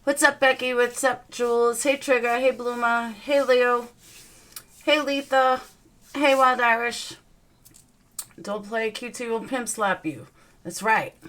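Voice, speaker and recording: A woman's voice: a little high, fairly even intonation, slow pace, pauses often, fairly bright tone. A young woman with a Southern US accent, hosting a casual livestream and greeting her viewers one by one in an upbeat way. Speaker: livestream host.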